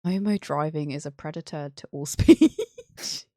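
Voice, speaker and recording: A woman's voice: low voice, big pitch swings, measured pace, mellow, dry recording, studio quality. A woman hosting a casual history stream, rambling, teasing and giggling often.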